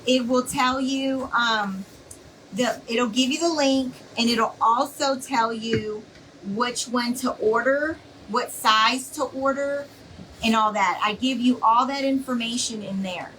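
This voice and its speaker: A woman's voice: on the high side, slow, a bit bright, slight background noise. Woman, craft live stream host, chatty, rambling, reassuring, slightly distant mic. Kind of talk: casual live-stream chat with viewers.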